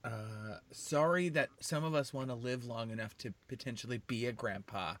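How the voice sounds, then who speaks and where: A man's voice: mid-range voice, normal speed, a bit bright. A man co-hosting a podcast, chiming in with wry, teasing interjections in casual chat. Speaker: podcast co-host.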